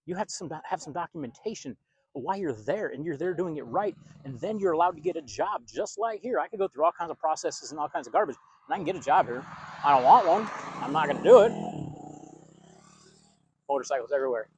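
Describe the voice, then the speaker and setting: An American man who works as a pastor and video host preaches in a blunt, emphatic, confrontational monologue. His voice is on the high side, expressive and fast.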